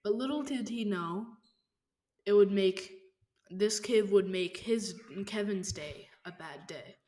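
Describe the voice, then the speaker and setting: Slow, rambling woman telling a story. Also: mid-range voice, dark tone. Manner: rambling, halting, with many fillers and restarts. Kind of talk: casual storytelling. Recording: faint background noise.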